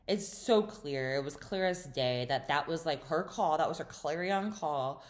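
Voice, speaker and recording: A woman's voice: low-pitched, unhurried. A woman hosting a casual reality TV recap, chatty and opinionated, with lots of fillers and sassy asides.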